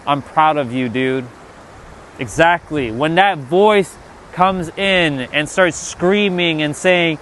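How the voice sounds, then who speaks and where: A man's voice: fairly high pitch, slow, a bit bright, a little hiss or hum. A man giving an emphatic, profane spiritual pep talk on a live stream, answering chat outdoors by the water. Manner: emphatic and profane, repeats "right?".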